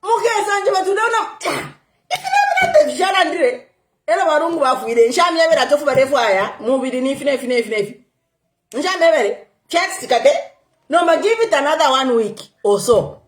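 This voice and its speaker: Animated laughing woman, echoey room. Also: high-pitched, normal speed. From Zambia. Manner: animated, laughing, code-switching. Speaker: commentator. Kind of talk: casual political commentary vlog.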